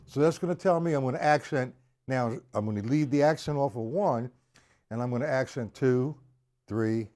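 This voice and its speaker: A man's voice: mid-range voice, normal speed, over loud music. A man teaching drums on a live stream, chatting casually and counting beats aloud. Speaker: drum teacher. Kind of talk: live-streamed drum lesson.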